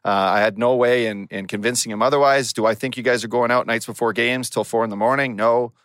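A man's voice: medium pitch, fairly even intonation, fast, fairly bright tone, no room sound, studio quality. A man, a podcast co-host and former hockey player, telling a laid-back locker-room story with plenty of swearing and laughs. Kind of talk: casual storytelling chat.

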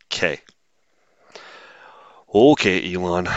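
A man's voice: low-pitched, a little slow, a bit bright, dry recording, lo-fi sound. A man hosting a solo podcast, talking in a blunt, sarcastic, rambling way with lots of fillers. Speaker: podcast host.

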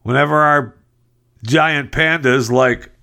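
A male talk show host giving sarcastic, exasperated commentary on the news, jumping between a high mocking tone and a low grumble. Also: slow pace, vocal fry, pushed and bright.

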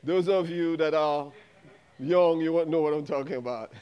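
A man's voice: on the high side, normal speed, smooth, lo-fi sound. A pastor preaching a sermon, emphatic and repetitive, his voice rising in exclamations. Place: church sanctuary.

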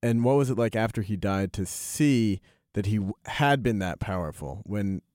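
A man interviews his guest, mostly with short interjections and now and then a longer question. His voice sits low and the sound is dry and close. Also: lively intonation, moderate pace, a little mellow, no room sound. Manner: brief interjections and probing questions. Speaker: podcast host. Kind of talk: casual interview.

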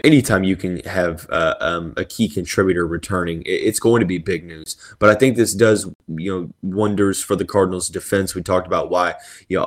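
A man hosting a solo sports podcast, talking through basketball news in a rambling way with lots of fillers and restarts. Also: deep voice. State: yawning and sneezing.

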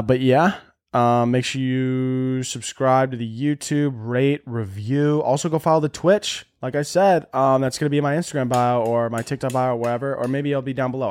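Medium-pitched with a clean tone, this solo podcast host, from a half-Italian family, goes on an animated, rambling rant. His talk is casual and profane, full of filler words.

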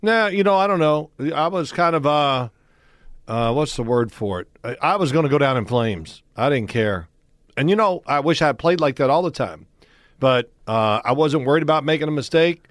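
A man's voice: fairly high pitch, expressive, moderate pace, no echo. A man in his sixties, a former quarterback and studio guest, telling rambling, folksy stories and acting out what others said. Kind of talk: casual storytelling chat. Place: podcast studio.

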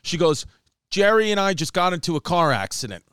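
A man spins a rambling comic story, quick and animated, acting out quoted lines. His voice sits fairly high and sounds smooth and clear. The recording is dry and close. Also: no echo. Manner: animated, fast, acts out quotes with Spanish asides. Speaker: comedian telling a story. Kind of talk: casual storytelling monologue.

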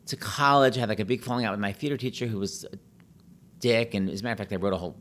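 A quick-talking middle-aged man with a fairly low voice, chatting casually. He tells his stories with lots of energy and jumps up into high, put-on voices to quote people. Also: a bit bright. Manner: talks fast, breaks into high put-on voices when quoting people. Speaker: podcast guest, pianist and Broadway host. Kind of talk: casual chat, animated storytelling.

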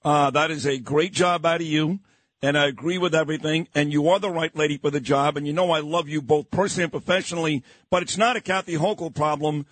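A man hosting a talk radio show, brash, fast and emphatic. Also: a little high, fairly bright tone, no echo. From New York. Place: radio studio.

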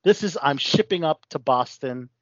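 A man's voice: on the high side, animated, normal speed, dry recording, dull audio. A man hosting a casual radio talk show, rambling with lots of fillers.

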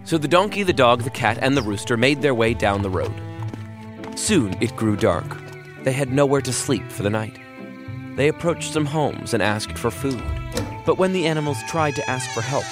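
A man narrating a fairy tale for children in a lively, wry storytelling manner. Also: mid-range voice, moderate pace, music in the background.

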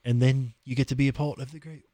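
A man co-hosting a morning talk podcast, chatting casually and pitching sign-ups. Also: fairly even intonation, quick pace, mellow, no echo. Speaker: podcast co-host. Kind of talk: casual promo chat.

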